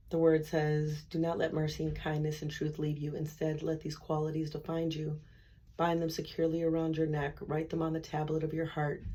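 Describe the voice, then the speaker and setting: A woman's voice: low-pitched, a little mellow, a little hiss or hum. A woman giving a candid, conversational faith testimony, acting out her inner dialogue with God. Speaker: speaker sharing a faith testimony.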